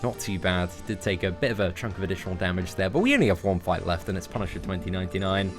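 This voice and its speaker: Chatty man streaming a game. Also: quick pace. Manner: chatty, jokey, lively pitch jumps when excited. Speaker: gaming livestream host. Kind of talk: casual live gameplay commentary. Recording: faint music behind.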